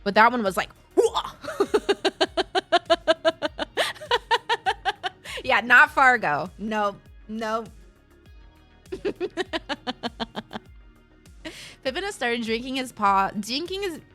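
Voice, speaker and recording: A woman's voice: fairly high pitch, animated, moderate pace, few pauses, pushed and bright, soft background music. A young woman streamer from Minnesota with a slight Minnesota accent, chatting casually with viewers in a rambling, giggly way.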